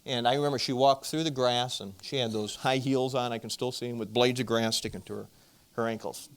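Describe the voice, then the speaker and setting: A middle-aged man telling a personal story to an audience, animated and acting out the voices of the people in it. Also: medium pitch, fairly quick. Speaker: marriage conference speaker.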